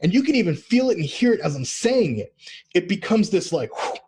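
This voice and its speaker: A man co-hosting a podcast, talking in an energetic, preachy motivational way that builds in intensity. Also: high-pitched, brisk, husky. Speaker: podcast co-host.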